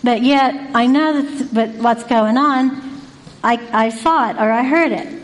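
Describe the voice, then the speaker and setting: A woman tells a story from her night shift at a youth residence in a chatty, conversational way. Her voice sits a bit high. She acts out each person as she goes. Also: a little slow, low-quality recording.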